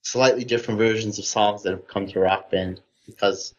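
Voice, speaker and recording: A man's voice: lowish voice, steady tone, normal speed. A man in casual podcast chat, rambling and enthusiastic, filling his talk with "like". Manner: rambling, heavy use of "like", enthusiastic fan tone. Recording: dull lo-fi audio.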